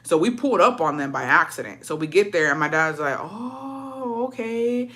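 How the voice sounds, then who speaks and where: Bright-voiced woman telling a profane story. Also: sits low, fast talker. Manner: profane, animated, acts out quoted dialogue; slips into Spanish phrases. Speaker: storytime vlogger. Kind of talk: casual storytelling.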